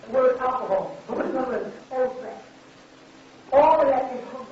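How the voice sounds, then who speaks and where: A man preaches to a crowd in an emphatic, mocking way, piling up rhetorical questions. His voice sits high for a man. The lo-fi recording catches him from a distance, drowned in heavy room echo. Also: normal speed, slight background noise. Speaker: religious lecturer. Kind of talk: preaching lecture to a live audience. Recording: very echoey, distant, lo-fi hall recording.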